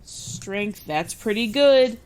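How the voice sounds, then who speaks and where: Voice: medium pitch, expressive, slow pace, a little mellow, clean tone, no echo. A player in a casual tabletop game, wry and self-mocking, swearing casually.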